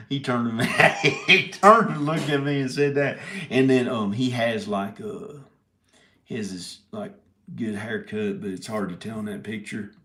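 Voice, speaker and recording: A man's voice: medium pitch, measured pace, pushed and bright. A man telling a rambling comic story, stopping and restarting his words and giggling often. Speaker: video maker telling a story. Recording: echoey room.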